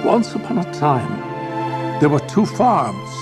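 An older actor playing an Irish farmer in a film, with a put-on Irish accent and slow, drawn-out storytelling. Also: male voice, a little high, big pitch swings. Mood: wistful. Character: old Irish farmer telling a tale, unhurried. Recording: film clip over loud music. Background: music and sheep bleating.

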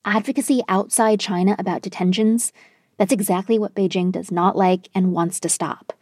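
Mellow-voiced woman news correspondent. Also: mid-range voice, dry recording, clean studio sound. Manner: measured, even reporting delivery. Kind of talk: scripted news report.

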